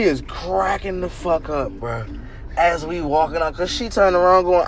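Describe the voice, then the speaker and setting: Profane, animated man telling a story. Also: sits high, a little slow. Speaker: podcast host. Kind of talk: casual storytelling.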